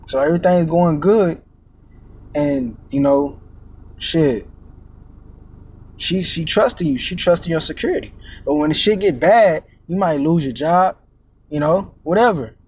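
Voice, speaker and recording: A man with a noticeably high voice delivers a casual street-style sermon. He cusses freely, drops "man" and "you know" constantly, and stalls on stammered repeats before pushing his point. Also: measured pace, pauses often, darkish tone, husky. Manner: casual and profane, many fillers and "man", "all right?"; repeats words while searching, stammering restarts. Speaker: preacher.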